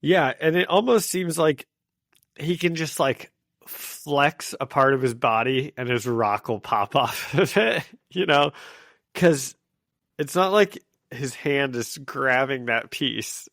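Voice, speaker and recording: A man's voice: medium pitch, animated, slow pace, vocal fry, a bit bright, dry recording. A man with a mid-range voice reacts easily and laughs often. His speech is loose and full of fillers. He sounds close to the mic in a dry space. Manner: laid-back, laughs often, filler-heavy. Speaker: podcast co-host. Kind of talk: casual chat about a comic.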